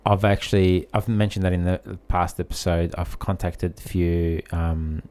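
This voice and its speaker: A man's voice: deep voice, steady tone, moderate pace, a little mellow. A man co-hosting a podcast in casual chat, easygoing and agreeable. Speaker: podcast co-host.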